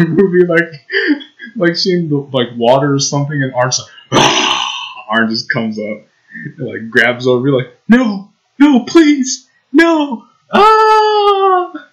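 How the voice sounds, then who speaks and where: A man's voice: mid-range voice, fairly bright tone, poor audio. Casual man reading a game aloud. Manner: casual, giggly, with restarts and asides. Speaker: let's play host reading a visual novel.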